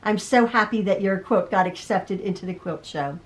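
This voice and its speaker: A woman's voice: medium pitch, normal speed. A middle-aged woman, a quilting teacher, chatting casually from her home sewing room as she reads out viewer emails, rambling, restarting and laughing.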